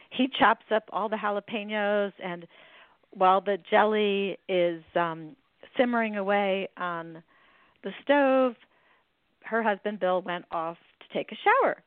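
A woman hosting a podcast, telling funny stories in a lively way and laughing as she goes. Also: medium pitch, dry recording. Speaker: podcast host. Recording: phone-like, dry sound.

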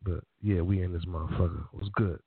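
A man's voice: low-pitched, fairly even intonation, a little fast, slightly rough, no room sound. A man from Baltimore co-hosts a casual radio show over a phone line that sounds tinny and dry. He talks in a streetwise, profane way and raps in a boastful style. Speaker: co-host. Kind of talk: casual radio chat and freestyle rap.

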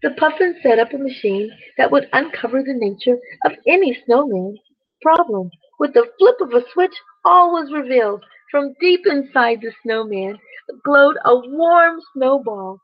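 A woman reading a bedtime story aloud, gently speaking to the children listening. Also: sits high, lively intonation, no echo, lo-fi sound. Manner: slow, gentle, addresses children directly.

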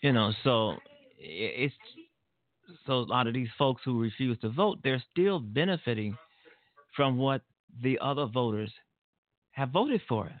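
A man holds forth on his own radio show in an indignant, rambling monologue, stumbling and restarting as he goes. His voice is mid-pitched and comes through a tinny, phone-like line with no room sound at all. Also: very animated, measured pace, dry recording.

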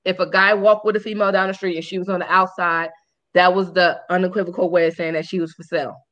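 A woman co-hosting a podcast, telling a dating story in casual chat, candid and animated with frank profanity. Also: on the low side, fast, muffled recording. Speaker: podcast co-host.

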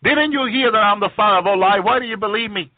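Man doing a taunting Satan voice, gloating, raised pitch, thin phone-line sound, dry. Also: fast talker, no room sound, lightly acted. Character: mocking Satan laughing at the damned.

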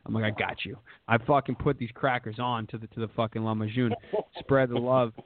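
A young podcast host talks a little fast in a steady, mid-range voice, cursing, rambling crudely, and saying "dude" all the time. The recording is dry, phone-like lo-fi with a noisy background.

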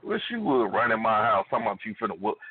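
A man hosting a radio show, telling stories in a casual, profane, animated way. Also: on the low side, quick pace, breathy edge. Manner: animated, swearing, laughing loudly. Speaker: radio host. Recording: phone-like narrow band.

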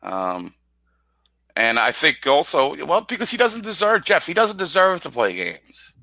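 A man's voice: on the high side, wildly swooping pitch, measured pace, creaky, sharp tone, dry recording. A man co-hosting a casual sports radio show, bluntly ranting about his team. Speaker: co-host. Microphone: studio microphone.

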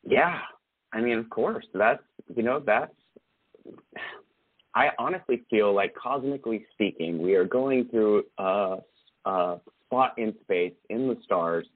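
A man co-hosting a podcast in casual chat, reflective and halting, with many fillers. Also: lowish voice, breathy edge, dry recording. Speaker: podcast co-host. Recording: tinny phone-like sound, dry.

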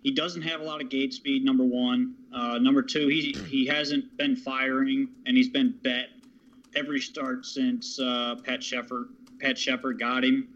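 A man handicapping harness races, talking confidently but haltingly with many fillers. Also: mid-range voice, flat delivery, a bit bright, highs cut off. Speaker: racing handicapper. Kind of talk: horse racing handicapping talk.

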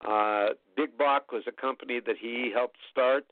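A man's voice: medium pitch, steady tone, no echo, narrow, tinny audio. Older man telling chatty stories. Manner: rambling, chatty, with frequent "uh" pauses. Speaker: interview guest. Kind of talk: storytelling anecdotes in casual conversation.

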